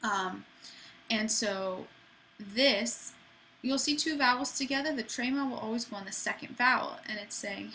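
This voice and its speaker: A woman explains French accents to her class, her voice bright and clear. She talks in a chatty, easygoing way and drops in playful asides. A faint noise sits under the recording. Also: on the high side, measured pace, low-quality recording. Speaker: French teacher. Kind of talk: classroom lesson.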